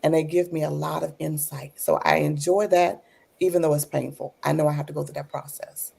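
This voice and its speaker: She has a low, heavily gravelly voice with a husky edge and a dark, mellow tone. She tells personal stories in a thoughtful, reflective way. She grows animated whenever she retells a past conversation. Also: fairly quick. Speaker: author and educator being interviewed.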